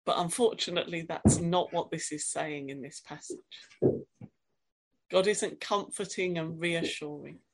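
Woman, sermon, reflective, questioning, somewhat low pitch, quiet readings. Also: fairly even intonation, a little slow, creaky. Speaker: preacher.

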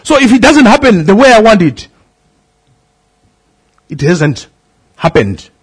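A middle-aged man, a pastor preaching a sermon, calling out questions to the congregation with a husky voice. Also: very animated, a little slow. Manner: preaching with swooping pitch, calls to the congregation.

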